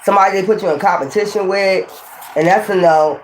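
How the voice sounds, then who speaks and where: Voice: mid-range voice, fairly even intonation, brisk, slight background noise. Blunt, laughing tarot reader. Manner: blunt, laughing, slangy and chatty. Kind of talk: casual tarot reading to viewers.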